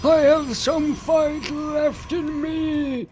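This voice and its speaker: A man voicing a plucky, wounded male space marine in a squeaky, drawn-out, mock-heroic voice for a game bit. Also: level tone, darkish tone, slight background noise, full character voice. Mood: defiant.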